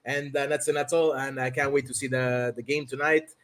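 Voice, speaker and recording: A man's voice: mid-range voice, brisk. A man from Canada who co-hosts a podcast, chatting casually and telling profane stories, acting out the other people's lines. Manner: profane animated storyteller, acts out dialogue. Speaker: podcast co-host. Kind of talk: casual chat.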